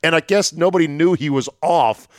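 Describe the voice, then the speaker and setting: A man hosting a talk show, telling stories in a chatty, wry way, his voice going hoarse. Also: on the high side, normal speed, no echo, clean studio sound. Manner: chatty, storytelling, wry asides. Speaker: sports radio host. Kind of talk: solo monologue, casual chat.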